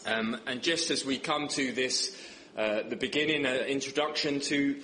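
A young man preaches a sermon in church at a moderate pace, his voice pushed and bright. He jokes and tells stories, his pitch climbing for emphasis, and the church hall is echoey with faint background noise.

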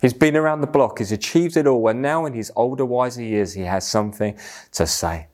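A man's voice: medium pitch, brisk, a little mellow. A man preaching a sermon in an earnest, emphatic manner. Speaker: pastor.

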